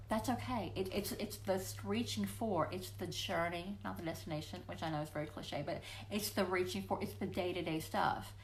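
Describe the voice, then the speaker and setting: Her voice is on the low side, at a normal speed with hardly any pauses, and there's slight background noise. She's hosting a weekly live Q&A stream through a computer microphone, addressing viewers casually and encouragingly and playfully acting out voices.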